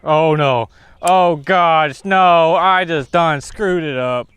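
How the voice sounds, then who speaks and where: A man filming his own fishing trip outdoors on a lake, talking to himself and exclaiming loudly as things go wrong and right. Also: fairly high pitch, slow pace, smooth, dry recording. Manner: excitable, exclaims and shouts often. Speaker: fishing vlogger. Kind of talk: self-filmed fishing vlog.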